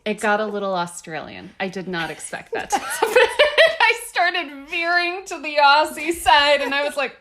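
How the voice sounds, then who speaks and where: A woman's voice: high-pitched, big pitch swings, normal speed, hardly any pauses, fairly bright tone, a little hiss or hum. A woman co-hosting a podcast in casual chat. She reacts in a bubbly way with lots of fillers. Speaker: podcast co-host.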